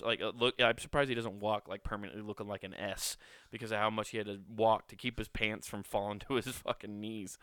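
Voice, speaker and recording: A man's voice: lowish voice, a bit bright, clean tone, no room sound, clean studio sound. A man in his thirties hosting a podcast, rambling casually, swearing and joking at himself. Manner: rambling, swearing, self-mocking. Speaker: podcast host.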